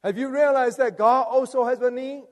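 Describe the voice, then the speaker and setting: A man's voice: very high-pitched, fairly even intonation, moderate pace. A man preaching a sermon, rousing, coaxing the audience to respond. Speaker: preacher leading a conference message. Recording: long reverb of a large hall.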